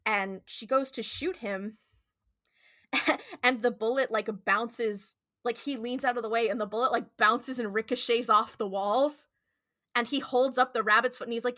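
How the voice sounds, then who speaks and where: Bright, animated woman retelling scenes. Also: on the high side, moderate pace, dry recording, studio quality. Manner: animated retelling, acting out characters' lines. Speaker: podcast co-host. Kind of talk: casual recap of a TV episode.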